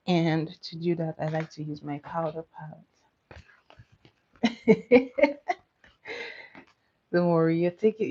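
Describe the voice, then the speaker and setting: A woman's voice: lowish voice, warm tone. A young woman doing a casual livestream makeup tutorial, chatty, laughing often and asking her viewers questions. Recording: dull lo-fi audio.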